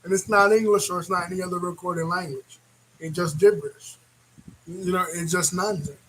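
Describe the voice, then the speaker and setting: A man hosting a reaction video, talking in a rambling, animated way and laughing often. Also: high voice, moderate pace, a little hiss or hum, low-quality recording. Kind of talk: casual reaction commentary.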